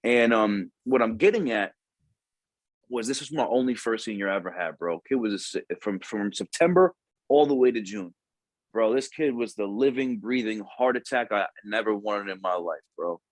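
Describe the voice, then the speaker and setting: A man's voice: fairly low pitch, animated, moderate pace, dry recording. A young adult man, a Marine recruiter, telling a story in a casual podcast chat, slangy and profane, and acting out the voices of the people he quotes.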